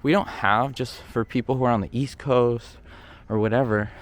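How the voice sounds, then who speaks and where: A man's voice: medium pitch, fairly even intonation, moderate pace. A man casually narrating an outdoor walking tour of a hillside stairway, chatty and thinking aloud, a little out of breath from the climb, recorded on a handheld camera mic. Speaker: vlogger touring a location. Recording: faint outdoor ambient noise.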